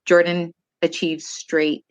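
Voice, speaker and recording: A woman in her forties, a mother talking as a guest in a casual interview, telling family stories in an animated way with laughs. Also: lowish voice, slow. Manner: warm, animated storytelling with laughs.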